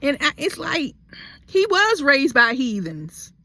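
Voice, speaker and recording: A woman's voice: high voice, very animated, slow, bright, forceful tone. A young adult woman in a heated storytime vlog, talking bluntly. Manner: blunt, heavy cursing, heated. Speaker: vlogger.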